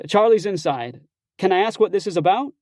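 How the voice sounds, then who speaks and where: A man reading an audiobook, voicing a loud, friendly, heavily tattooed young man who bellows and teases. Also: sits high, lively intonation, fairly quick, no echo, studio quality, voice pushed up. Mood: teasing. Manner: bellowing, teasing, hearty.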